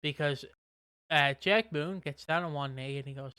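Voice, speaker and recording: A British man in casual podcast chat, rambling through a soap recap with plenty of swearing. His voice sits a little high and comes across smooth and clear. The sound is dry and close. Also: normal speed, pushed and bright, no echo. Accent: British English. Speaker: podcast co-host.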